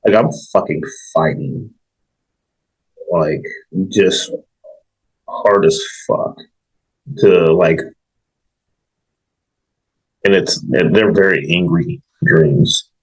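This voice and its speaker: Gravelly, husky low-voiced man. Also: drawn-out words, pauses often, low-quality recording. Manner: blunt, frequent swearing. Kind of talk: casual chat.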